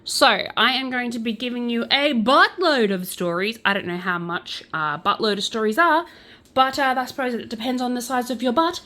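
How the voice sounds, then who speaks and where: Bubbly loud Australian woman vlogger. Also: a little high, moderate pace. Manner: loud, bubbly and self-mocking. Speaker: crochet and true crime vlogger. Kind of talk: casual chat to camera.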